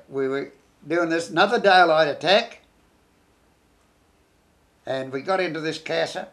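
An older man, a war veteran, reminiscing in an interview in a halting, rambling way, full of restarts and tag phrases. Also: a little high, vocal fry. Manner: rambling, halting, many restarts and "you know".

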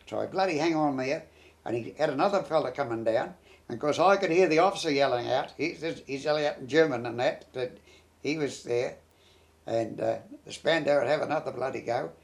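A man's voice: mid-range voice, fairly quick, creaky. An older man with a New Zealand accent tells a blunt, rambling war recollection, swearing freely as he goes. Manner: blunt, rambling, peppered with "bloody". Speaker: war veteran. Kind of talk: oral history recollection.

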